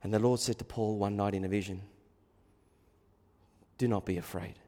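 A man preaching an expository sermon, moving from quiet, musing asides to loud, fervent exhortation. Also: on the low side, fairly even intonation, moderate pace, long reverb tail.

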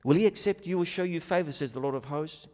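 Male preacher, higher register, animated sermon delivery that swings between loud and hushed, recorded in a hall with a long echo. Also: fast. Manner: animated, acts out quoted voices, rising and falling loudness. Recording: long reverb of a large hall.

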